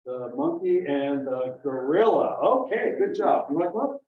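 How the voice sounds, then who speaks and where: A man's voice: a little high, normal speed. A middle-aged man from Maine, a children's author telling stories to kids at a library and acting out the voices of the people he quotes. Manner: animated, acts out quoted voices. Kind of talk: storytelling talk to children and families. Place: library event room. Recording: dull, echoey room from far off.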